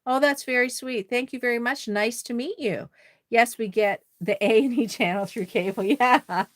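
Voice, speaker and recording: A woman's voice: medium pitch, a bit bright, dry recording. A woman with a Nova Scotian accent hosting a casual craft livestream, chatting with viewers and laughing often. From Nova Scotia, Canada. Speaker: doll-crafting livestream host. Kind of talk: casual livestream chat, reading viewer comments.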